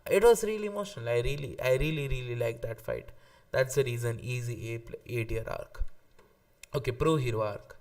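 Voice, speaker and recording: A man in casual live-stream reaction commentary, excitable and swearing freely, often restarting his sentences. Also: mid-range voice, normal speed, distant mic. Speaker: streamer ranking anime arcs.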